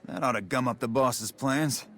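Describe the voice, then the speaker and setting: An actor playing a scheming mob underling who talks bluntly and conspiratorially. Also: male voice, medium pitch, normal speed, fairly bright tone, close to an everyday voice.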